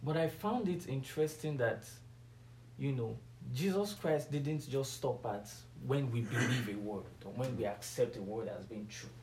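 A man's voice: mid-range voice, moderate pace, reverberant, very noisy. A man teaching from the Bible in a conversational sermon style, asking his listeners questions and leaning hard on key words. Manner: builds to emphatic, rising stresses on key words; asks the listeners questions, waits for replies. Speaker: preacher.

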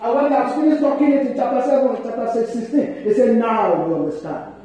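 A man preaching a sermon, emphatic and animated, reading and expounding scripture. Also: extremely high pitch, quick pace. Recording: echoey hall.

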